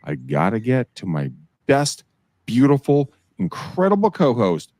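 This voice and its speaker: A man's voice: mid-range voice, wildly swooping pitch, a little slow, a little mellow, no echo. Hyped-up male show host. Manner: hyping and effusive, with upbeat hollers. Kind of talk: enthusiastic show host intro.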